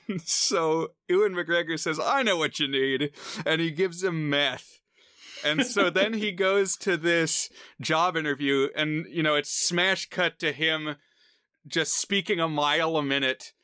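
A man with a bright, smooth, slightly raised voice discusses a film on a podcast. He gets animated and acts out bits of scenes. The recording is dry and close. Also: fairly high pitch, measured pace, dry recording. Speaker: podcast co-host.

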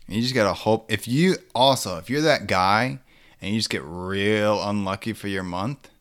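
A man's voice: fairly low pitch, normal speed, fairly bright tone. A man co-hosting a casual comedic chat, riffing on a joke idea and acting out mock quotes with bursts of laughter.

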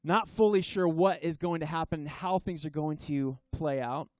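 A man, a pastor, preaching a sermon at a church service in an earnest, emphatic way, slowing down on key phrases and sometimes restarting his sentences. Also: on the high side, a little mellow, dry recording.

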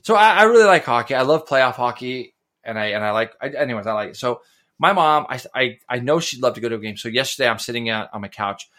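A man co-hosting a podcast, telling stories in a rambling, excitable way and tripping over his words. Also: medium pitch, fast. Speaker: podcast co-host. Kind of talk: casual chat.

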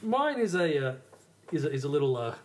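A man's voice: on the high side, sing-song, fairly quick. A man co-hosting a podcast in casual chat, hesitant and self-deprecating, laughing often. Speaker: podcast co-host.

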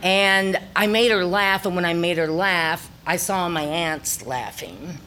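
Middle-aged woman, Ozark accent, lower voice, reflective storyteller with ums, faint room hum. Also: unhurried, sharp tone. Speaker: theater director. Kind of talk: personal talk to an audience.

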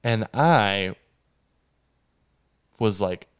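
Slow, smooth-voiced deadpan man storyteller. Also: mid-range voice. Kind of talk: casual spoken anecdote.

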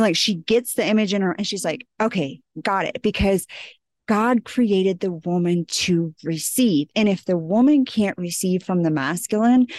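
A woman hosting a faith-based podcast as a coach, talking in a lively monologue and acting out quoted voices with laughs. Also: lowish voice, no room sound. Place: on a trip, away from home.

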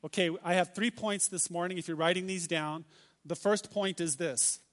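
A man with a notably high voice delivers a sermon from the pulpit. He reads scripture aloud and lingers on key phrases, repeating them slowly and with emphasis. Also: fairly even intonation, a bit bright. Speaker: pastor.

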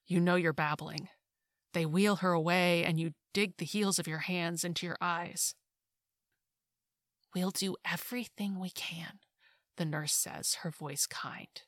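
A woman reading a second-person short story aloud in a hushed, intimate way that often drops to a whisper. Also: fairly low pitch, steady tone, a little slow, dry recording, studio quality. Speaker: story narrator.

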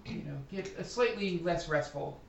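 A man's voice: high-pitched, normal speed, echoey room, recorded from a distance, slight background noise. A man narrating as game master of a tabletop game, describing scenes hesitantly with many ums.

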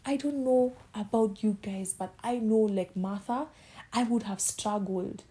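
Mellow-voiced woman preaching with passion. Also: on the high side. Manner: passionate, acts out quoted voices. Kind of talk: sermon.

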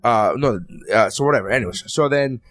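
Podcast co-host, young man, indignant storyteller, rapid delivery. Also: medium pitch, fairly bright tone, dry recording. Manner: worked-up, indignant storytelling with heavy swearing. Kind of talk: casual chat.

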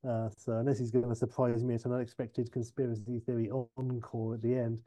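Chatty man with a mellow voice. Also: mid-range voice, monotone, a little fast. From England. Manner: rambling, chatty, restarts and asides. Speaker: podcast co-host. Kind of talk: casual podcast chat.

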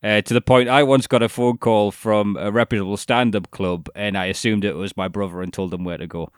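A man's voice: lowish voice, fairly even intonation, a little fast, clean tone, no echo, clean studio sound. A young man, co-hosting a podcast in casual chat, rambling, laughing and swearing. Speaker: podcast co-host.

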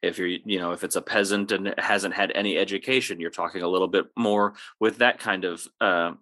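A man's voice: deep voice, brisk, dry recording, clean studio sound. A man who runs tabletop games, chatting casually on a podcast and giving advice, rambling along with lots of fillers. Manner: relaxed, rambling with many fillers. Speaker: game master.

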